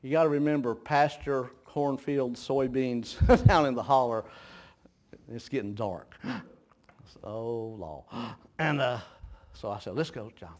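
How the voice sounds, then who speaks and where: A man's voice: mid-range voice, measured pace, a little mellow. A man preaching a folksy sermon, telling homespun stories, chuckling often and stumbling over repeated words.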